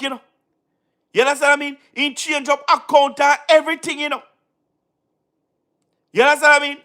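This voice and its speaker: A Jamaican man talks in a very high voice with a bright, forceful edge. He gives casual commentary, mocks his subject, laughs often and keeps repeating his phrases. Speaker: online political commentator.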